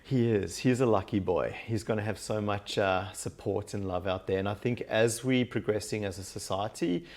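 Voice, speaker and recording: Give me an animated Australian storyteller, low voice. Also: male voice, moderate pace, hardly any pauses. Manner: animated storyteller, acts out quotes, laughs often. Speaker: guest, mindset and life coach. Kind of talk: casual interview chat.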